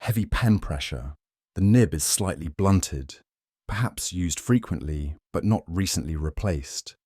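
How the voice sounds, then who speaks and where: A man giving a measured, even scripted narration of a detective story. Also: sits low, slightly rough, no echo, clean studio sound.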